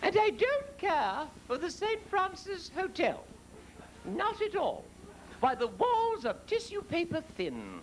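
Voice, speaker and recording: A male drag comedian playing a haughty, catty older queen, grand and imperious, with sudden drops into a low voice. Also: wildly swooping pitch, takes it slowly, slight background noise, heavily acted. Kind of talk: stand-up drag impression.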